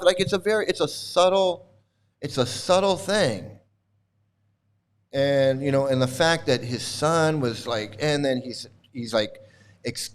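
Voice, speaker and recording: A middle-aged man telling a rambling story casually to his livestream chat, laughing often and restarting sentences. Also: high-pitched. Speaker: host.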